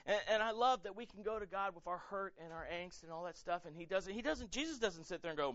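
A male pastor preaching a sermon in a casual, animated way, acting out quotes and repeating words as he talks. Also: very high voice, a little fast, no echo, dull audio. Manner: animated, conversational, acts out quotes, many fillers and repeats.

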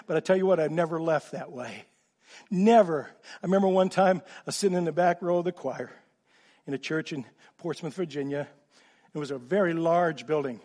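A middle-aged man, a pastor, preaching a sermon in an animated way, swinging from emphatic lines down to quiet asides. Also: fairly high pitch.

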